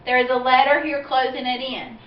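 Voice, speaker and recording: A woman teacher giving a phonics lesson for parents and children, explaining slowly and patiently and asking questions as she goes. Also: high voice, level tone, slight background noise. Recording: echoey, dull, distant from the mic.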